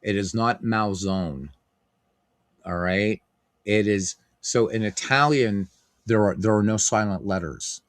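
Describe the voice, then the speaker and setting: A man's voice: lowish voice, slow, dry recording, clean studio sound. A middle-aged man hosting a stream, calling a tabletop baseball game play by play and chatting with viewers in a loose, filler-heavy way. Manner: chatty, many fillers, reads and answers viewer comments. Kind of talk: casual play-by-play and chat with viewers.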